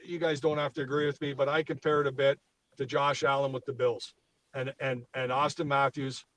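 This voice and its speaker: A man's voice: medium pitch, level tone, brisk, fairly bright tone, dry recording, poor audio. A man co-hosting a sports podcast, ranting heatedly and swearing as he gets worked up. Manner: fired up, swears freely, ranting. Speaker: podcast co-host.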